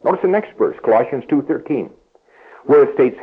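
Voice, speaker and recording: A male preacher with a husky, slightly breathy voice delivers an evening sermon to a seated church congregation. He leans on key phrases, slowing down and lifting his pitch, and drops to a hushed, unhurried tone when leading prayer. The sound is thin and narrow, like an old phone-line broadcast. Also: big pitch swings. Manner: earnest, stresses key phrases by slowing and rising.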